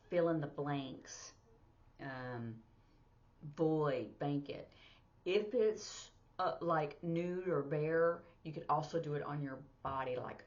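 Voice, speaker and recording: A woman's voice: deep voice, darkish tone, muffled recording. A woman teaching sign language in a casual, chatty way, walking through each sign step by step with plenty of fillers. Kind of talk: casual instructional lesson.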